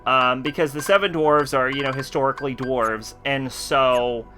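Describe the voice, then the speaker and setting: A man's voice: mid-range voice, moderate pace, sharp tone, soft background music. A man streaming a video game, chatting casually and rambling, with lots of fillers and swearing. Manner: rambling and profane, heavy with fillers. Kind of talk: casual live-stream chat.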